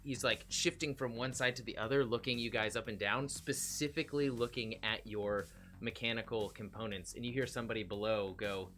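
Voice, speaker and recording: A man's voice: fairly low pitch, a little fast, fairly bright tone, faint music behind. A man narrating as game master, with many fillers and restarts.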